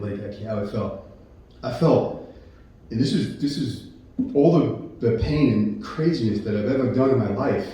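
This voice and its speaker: A man's voice: mid-range voice, warm tone. Earnest man telling his testimony, echoey room. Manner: earnest and emotional, rambling with many restarts and "I'm like". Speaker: channel host giving his Christian testimony. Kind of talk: personal testimony, casual storytelling. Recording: very echoey room, voice picked up from a distance.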